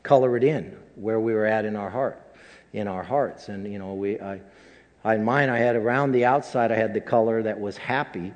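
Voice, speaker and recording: Older man, pastor, low voice, halting emotional sermon, long hall reverb. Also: darkish tone. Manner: halting, emotional, many restarts. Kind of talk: personal sermon.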